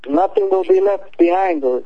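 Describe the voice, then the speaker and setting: High-voiced man, hesitant. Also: moderate pace, no echo, narrow, tinny audio. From El Salvador. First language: Spanish. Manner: hesitant, searching for words. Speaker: guest. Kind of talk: casual remote chat.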